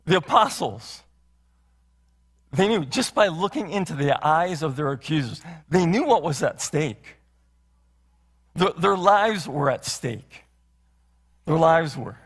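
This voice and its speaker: A man's voice: fairly high pitch, animated, slow pace, pauses often, fairly bright tone, slightly rough. A male pastor preaching a sermon in a church, earnest, with many rhetorical questions and repeated phrases. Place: church sanctuary. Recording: long hall reverb.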